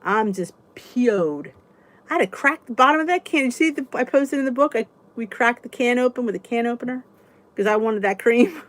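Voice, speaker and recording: A woman chatting casually on a live stream, rambling from one thought to the next and stopping to read out her viewers' comments. Her voice sits a little higher than most women's. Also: fairly even intonation, fast. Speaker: vlogger hosting a live support chat.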